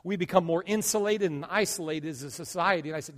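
A man's voice: on the high side, fast, few pauses. Fiery preaching man in a reverberant hall. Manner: dynamic preaching, swings between loud and hushed. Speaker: pastor. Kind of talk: sermon.

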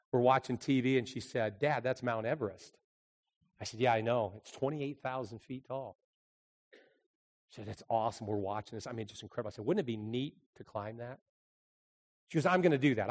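A man preaching a sermon, telling a family story and swinging between loud, urgent passages and hushed, slow ones. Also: medium pitch. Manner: swings from shouting to hushed, dramatic pauses. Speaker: pastor. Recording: long hall reverb.

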